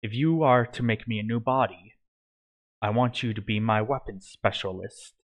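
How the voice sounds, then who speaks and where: A man's voice: on the low side, moderate pace, natural voice. A man voicing a growling, menacing evil male god of corruption in a storybook reading. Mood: gloating.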